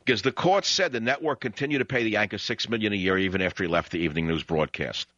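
A man's voice: fairly low pitch, fast, sharp tone, no room sound, muffled recording. A man with a New York accent hosting a talk radio show, ranting sarcastically in an opinionated monologue that swings into sudden outbursts.

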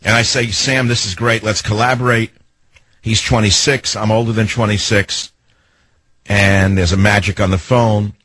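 A man's voice: lowish voice, flat delivery, fairly bright tone, husky, no echo, rough recording. An older man with a New York accent hosting a talk radio show, brash and digressive. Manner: brash, rapid-fire, digressive.

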